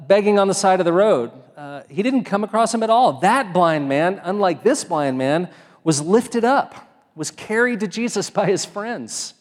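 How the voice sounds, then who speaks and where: A man's voice: high-pitched, in a large hall. A man preaching a sermon as pastor, talking in a conversational way with frequent fillers and restarts.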